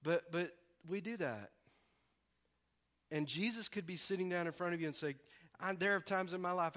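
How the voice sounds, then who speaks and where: A man from the preaching a sermon, animated and acting out voices with humor. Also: sits high, moderate pace, pauses often. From American South. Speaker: pastor.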